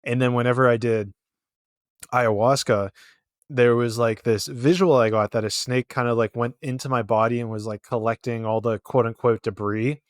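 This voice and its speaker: Male podcast host, mid-pitched, relaxed storyteller who swears casually, dry close mic. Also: moderate pace, no room sound. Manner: laid-back, swears casually, animated storytelling. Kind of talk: casual conversational interview.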